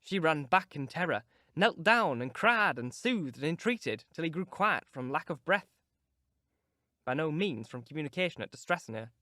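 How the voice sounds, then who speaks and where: A man narrating a classic novel as an audiobook in a measured, steady reading. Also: on the high side, no echo, studio quality. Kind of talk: scripted narration.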